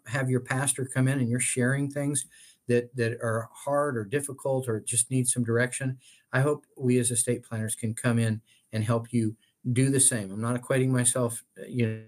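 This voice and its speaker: Earnest older man, halting delivery. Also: medium pitch, steady tone. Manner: earnest, heartfelt, halting with many restarts. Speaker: estate planning attorney, guest. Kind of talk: earnest interview talk.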